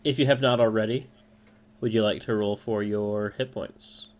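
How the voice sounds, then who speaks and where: A man running a tabletop roleplaying game as dungeon master, talking in a relaxed, joking way with many fillers. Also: lowish voice, normal speed.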